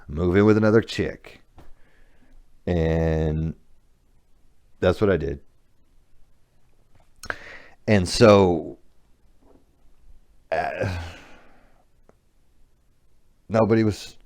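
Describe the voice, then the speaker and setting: A man's voice: low-pitched, darkish tone. A middle-aged man hosting a podcast, telling a candid personal story in a blunt, profane, confessional way. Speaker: podcast host.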